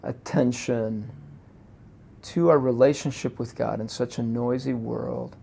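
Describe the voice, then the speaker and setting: Gravelly-voiced male podcast host. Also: mid-range voice, fairly even intonation, measured pace. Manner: warm storytelling, affirming listener. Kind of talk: conversational interview.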